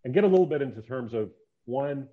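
A man's voice: mid-range voice, quick pace. Jokey male host, muffled audio. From upper Midwest near Minnesota. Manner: jokey, animated, rambling questions. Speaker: interview host. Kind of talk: casual podcast interview.

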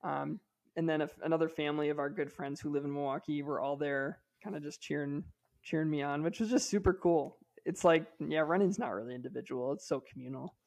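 Gravelly chatty man telling a story. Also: fairly high pitch, a little fast, a little mellow. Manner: chatty, many fillers and restarts. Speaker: podcast co-host. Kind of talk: casual storytelling.

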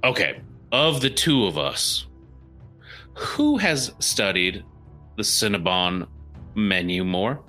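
A man's voice: fairly low pitch, sing-song, takes it slowly, long pauses, pushed and bright, faint music behind. A man co-hosting a podcast, chatting casually in a sweary, ranting way. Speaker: podcast co-host. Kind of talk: casual chat.

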